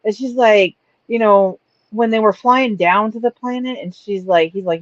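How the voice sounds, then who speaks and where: A woman in a casual podcast chat, talking in a bubbly, animated, repetitive way. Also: medium pitch, moderate pace, no room sound. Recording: dull dry lo-fi mic.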